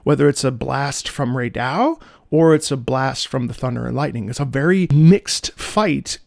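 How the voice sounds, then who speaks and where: A man giving a casual, excitable breakdown of game music, singing melody lines in scat syllables with chatty fillers. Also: mid-range voice, creaky, dry recording, studio quality. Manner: profane asides, chatty fillers. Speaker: video game music analyst.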